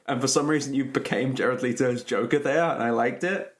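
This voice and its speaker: A man in the middle of casual podcast talk, his pitch sitting mid-range. He riffs with sarcasm and animated rants into a studio mic. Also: fairly quick.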